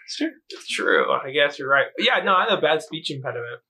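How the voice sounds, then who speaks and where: Young male podcast co-host: high, animated voice, slight lisp, casual chatter. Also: brisk. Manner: chatty, laughs often. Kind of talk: casual chat.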